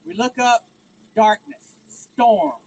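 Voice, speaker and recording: A man with a Texan drawl, spinning a homespun yarn from a rally stage. His voice sits high for a man, with a faint hum of background noise. He tells it folksy and joking, like an old storyteller. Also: lively intonation, takes it slowly, lo-fi sound. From Texas. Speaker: rally speaker.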